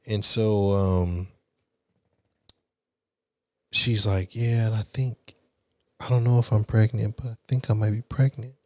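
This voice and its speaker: A young man with a fairly low voice tells a personal story in a casual podcast chat. He talks candidly and with animation, using frank language. The sound is dry and close to the mic. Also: steady tone, takes it slowly, pauses often, darkish tone, no room sound. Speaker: podcast guest.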